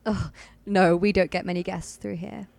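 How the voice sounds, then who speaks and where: A woman voicing a kind, motherly, middle-aged female barkeep with a sweet and gentle manner. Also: on the low side, fairly even intonation, normal speed, gravelly, voice pushed down.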